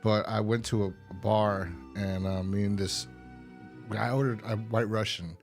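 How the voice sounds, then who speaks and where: Co-hosting a podcast, a man chats casually in review mode, meandering through stories and laughing often. His fairly low voice holds a steady tone and a measured pace, with faint music behind him.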